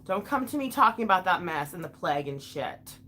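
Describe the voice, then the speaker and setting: A woman with a somewhat low voice rants on a casual livestream. She is heated and swears freely, stumbling through fillers and restarts. She speaks straight back to the people watching, with a faint hiss of noise under her voice. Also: sing-song, brisk, bright, forceful tone. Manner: talks back to viewers directly. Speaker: livestream vlogger reading chat. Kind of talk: ranting casual livestream talk.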